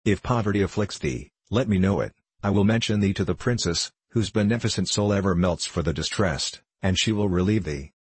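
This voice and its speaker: A man reading the part of a pious, dutiful young princess in a measured, solemn way, with a husky voice. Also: low voice, no room sound. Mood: grave.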